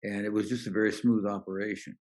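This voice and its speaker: A man's voice: lowish voice, fast. An older man, a guest on a podcast, telling anecdotes in an interview and acting out the lines of people he quotes. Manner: anecdotal, relaxed, acts out quoted dialogue. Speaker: podcast guest, business author. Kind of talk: storytelling interview answers.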